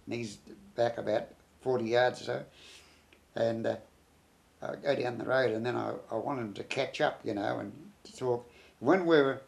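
An older man, a war veteran, reminiscing in an interview in a halting, rambling way, full of restarts and tag phrases. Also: mid-range voice, creaky. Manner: rambling, halting, many restarts and "you know".

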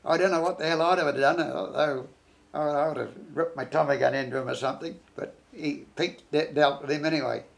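An older man, a war veteran, reminiscing in an interview in a halting, rambling way, full of restarts and tag phrases. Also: a little high, fairly even intonation, gravelly. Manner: rambling, halting, many restarts and "you know".

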